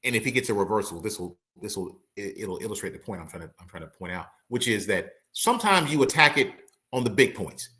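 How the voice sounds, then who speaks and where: A guest who works as a criminal and appellate attorney breaks down a trial in a casual legal chat. His fairly low voice is fast, bright, and forceful with lively intonation, and he acts out courtroom quotes with slangy asides.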